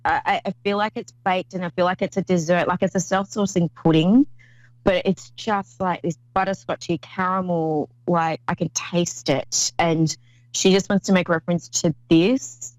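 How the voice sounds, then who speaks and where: A woman's voice: lowish voice, steady tone, normal speed, no room sound, muffled recording. A woman hosting a call-in psychic reading show, talking in an effusive, rambling way with many restarts. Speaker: psychic medium host.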